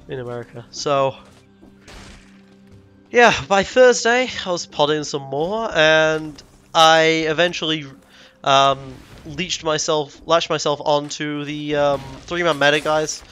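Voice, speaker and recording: A man's voice: a little high, unhurried, fairly bright tone, soft background music. A young man vlogging casually, rambling with frequent self-corrections and indignant asides. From Britain. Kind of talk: casual rambling travel vlog.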